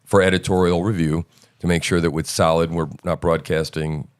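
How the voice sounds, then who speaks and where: A middle-aged man with a very low, smooth and resonant voice, hosting a casual stream. He talks loosely and rambles, full of fillers and restarts. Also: little pitch movement, fairly quick. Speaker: show host. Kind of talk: casual live-stream chat.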